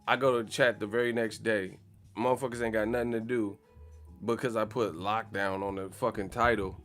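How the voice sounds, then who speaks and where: A man's voice: fairly low pitch, steady tone, normal speed, a bit bright, soft background music. A man hosting a boxing channel livestream, chatting casually in a profane, joking, slangy way. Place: in the Bay Area, California.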